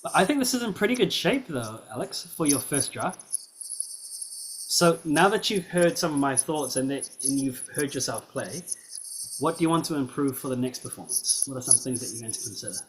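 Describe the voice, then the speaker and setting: A piano teacher gives a student feedback during a recorded lesson, his mid-range voice expressive and brisk against slight background noise. He's encouraging and keeps checking in with "right?" and "yeah?"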